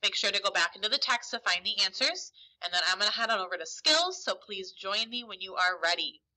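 A woman's voice: mid-range voice, animated, brisk, pushed and bright, rough recording. A woman teacher reading a story aloud to her class expressively, with small slips and restarts, then giving instructions.

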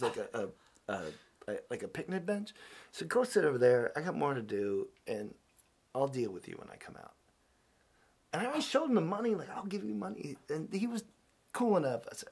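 A man telling a long, rambling personal story in a casual, animated way, with many restarts and acted-out quotes. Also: mid-range voice, gravelly, breathy edge.

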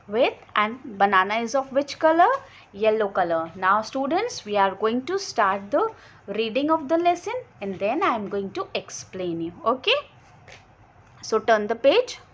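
A woman's voice: on the high side, fairly bright tone, muffled recording, slight background noise. A woman primary school teacher, giving a lesson, asking questions and answering them herself. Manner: explains slowly, asks and answers own questions. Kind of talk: online class lesson.

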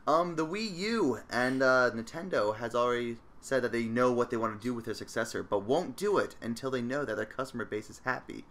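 Bright-voiced young man hosting gaming news. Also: mid-range voice, brisk, few pauses. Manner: joking, reads news items. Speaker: podcast host. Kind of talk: casual gaming news chat.

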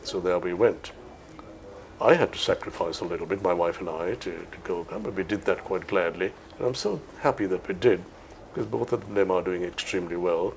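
An older man with a low, gravelly voice. He is a veteran cricket commentator who tells his memories in an unhurried, anecdotal way. A faint hiss sits under the recording. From Sri Lanka. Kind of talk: reminiscing interview talk.

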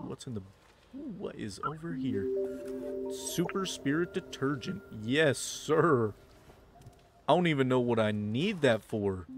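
Guy goofing around while he plays, chatty and jokey, game music going. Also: mid-range voice. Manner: playful, joking, slangy. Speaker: gameplay commentator. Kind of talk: casual gameplay commentary. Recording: game music playing behind.

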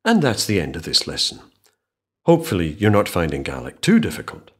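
A man teaching a scripted podcast language lesson, speaking clearly and slowing right down to model phrases. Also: sits low, wildly swooping pitch.

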